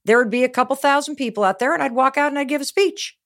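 A woman's voice: high voice, fast talker. A middle-aged woman giving a motivational talk, telling stories with energy and emphasis. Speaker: motivational speaker.

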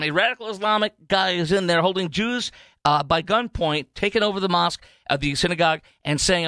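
A man's voice: sits high, expressive, a little fast, sharp tone, no echo. A man hosting a political talk radio show, rambling animatedly with many fillers and restarts.

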